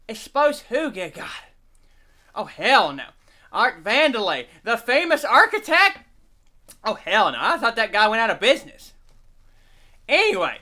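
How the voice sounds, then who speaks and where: A man's voice: sits high, sharp tone. A man hosting a live stream, rambling and profane while he reads the chat and eats.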